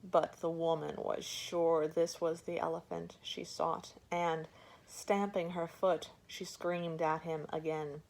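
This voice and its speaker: A woman reading a folk tale aloud for children in a gentle, measured way. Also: on the low side, level tone, creaky. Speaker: storyteller. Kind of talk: storybook reading.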